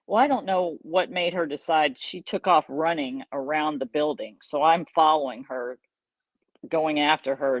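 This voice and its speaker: Her voice low and the recording dry, a middle-aged podcast host animatedly recounts something from her own life. She keeps it casual, laughing softly and starting sentences over.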